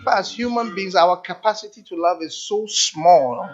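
A preacher delivers a dramatic sermon at normal speed in a medium-pitched voice, repeating and stretching key words, dropping to a hush before rising to a shout, and often questioning the congregation. The sound is dull and lo-fi.

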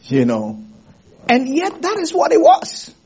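A man preaching a sermon in a theater, animated, laughing often and asking the congregation rhetorical questions. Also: very high-pitched, unhurried, highs cut off. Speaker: pastor. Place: theater used for a church service.

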